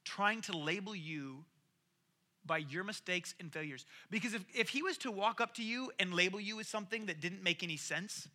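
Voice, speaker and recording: A man preaching a sermon in an animated way, acting out the voices of the people he quotes and swinging from loud to soft. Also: high voice, normal speed. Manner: animated, acts out quoted voices, varies loudness widely. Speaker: pastor.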